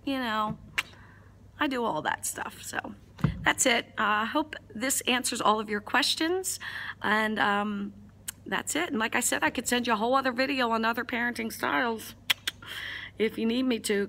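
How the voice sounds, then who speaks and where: Frank, joking woman with a bright voice. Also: fairly high pitch, moderate pace. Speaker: parenting advice giver, mother of four. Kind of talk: casual answers to viewer questions.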